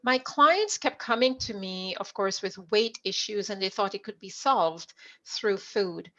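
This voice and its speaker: Animated woman coach from Jamaica. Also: mid-range voice, a little slow. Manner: animated storyteller, acts out remembered dialogue. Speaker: leadership coach, guest. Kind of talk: conversational storytelling interview. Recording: dull lo-fi audio.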